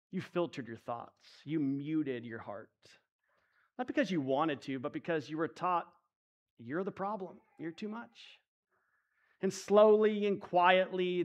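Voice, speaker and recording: A man preaching a sermon, moving between hushed, intimate lines and emphatic rises. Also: a little high. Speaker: pastor.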